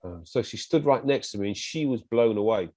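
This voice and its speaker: A man's voice: on the low side, a little fast, dry recording. Dry-voiced Englishman telling his story. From England. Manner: animated, acts out quoted speech of others. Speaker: interview guest. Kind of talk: personal storytelling in an interview.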